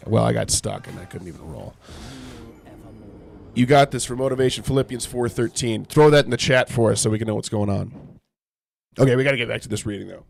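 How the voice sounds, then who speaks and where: A man's voice: lowish voice, creaky, darkish tone. A man hosting a morning livestream, reading scripture aloud and paraphrasing it with sarcasm while reacting to his game and thanking chat. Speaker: livestream host leading Bible study.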